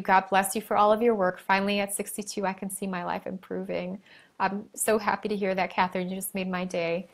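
A woman hosting a live stream, reading viewer comments aloud and cheering them on in a warm, effusive way, with many fillers. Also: mid-range voice.

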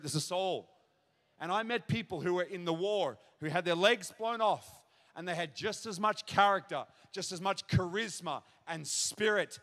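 A man giving his testimony as a pastor, telling the story vividly to a church crowd. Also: high-pitched. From Australia. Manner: storytelling, acts out shouted child's cries. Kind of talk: testimony sermon. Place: large church auditorium. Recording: long hall reverb.

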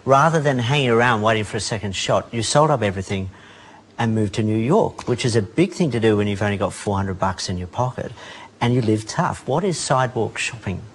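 A man's voice: on the low side, animated, brisk, a little hiss or hum. A man from Australia hosting a television interview, asking wry leading questions. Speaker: talk-show host. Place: television studio.

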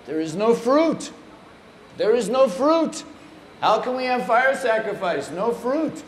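A man's voice: on the high side, expressive, slow pace, voice pushed down. A man voicing an elderly male Indian spiritual teacher with a Bengali accent, giving clipped, commanding instructions. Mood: insistent. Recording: echoey room, faint noise.

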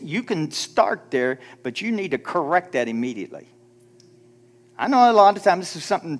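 Pastor guy preaching in church, fairly high voice, pushy rhetorical questions, does little mock voices for quotes. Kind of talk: sermon.

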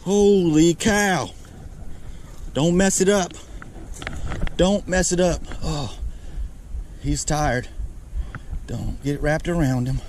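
Brief: man fishing vlogger, slightly high voice, unhurried, repeats exclamations, loud outdoor noise. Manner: breathless, keeps exclaiming and repeating himself. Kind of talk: excited outdoor fishing narration. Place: riverbank outdoors.

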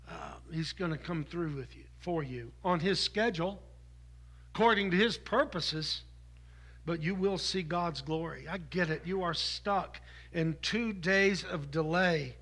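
High, bright-voiced preaching man. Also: measured pace. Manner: earnest preaching, rising in volume then dropping to soft, intimate appeals. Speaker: pastor. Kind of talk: sermon.

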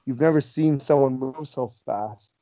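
Guy telling stories, laughs a lot, mellow voice, dull lo-fi sound. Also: mid-range voice, a little slow, no room sound. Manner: animated, laughs through his stories. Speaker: guest. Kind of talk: casual storytelling.

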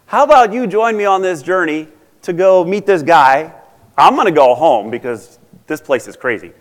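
A man's voice: a little high, expressive, moderate pace, lightly acted. A man voicing a lost young girl who is puzzled and chatty, in an echoing hall. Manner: incredulous, chatty. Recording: reverberant conference hall.

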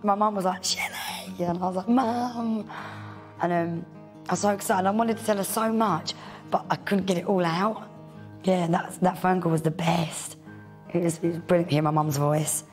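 A woman excitedly telling a story to the camera. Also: fairly low pitch, a little fast, faint music behind. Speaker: expedition participant. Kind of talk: excited confessional.

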